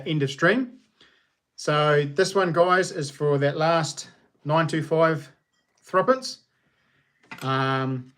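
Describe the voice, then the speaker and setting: A man's voice: fairly high pitch, fairly bright tone. A man in his thirties with a New Zealand accent, hosting a casual home livestream, upbeat and chatty with his viewers. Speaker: livestream host. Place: small lounge nook at home.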